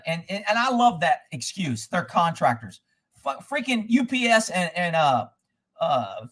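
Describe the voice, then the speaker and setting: A man's voice: high-pitched, a bit bright. A man hosting a livestream, ranting angrily and profanely in a rambling monologue and reading out viewer comments. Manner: profane, angry, rambling rants; reads out viewer locations and comments. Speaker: livestream host.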